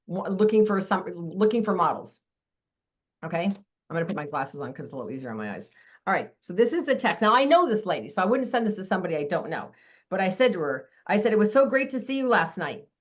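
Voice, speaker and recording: Fast-talking, high-energy woman trainer. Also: lo-fi sound. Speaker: sales team trainer. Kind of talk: live online training talk.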